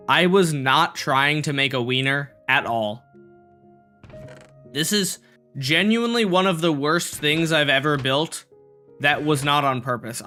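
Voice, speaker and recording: A young man live-streams a block game and rambles goofily to his chat as he builds. His voice sits a bit high with a bright, forward edge, and faint music plays under him. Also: clean tone. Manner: goofy, rambling, talks to chat while playing.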